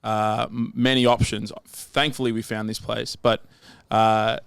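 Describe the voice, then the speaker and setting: A man's voice: on the low side, little pitch movement, a little slow, gravelly, a bit bright, smooth, no room sound, studio quality. A young Australian man hosting a casual podcast, telling loose, sweary stories. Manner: loose, sweary storytelling with laughs. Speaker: gym owner and podcast host.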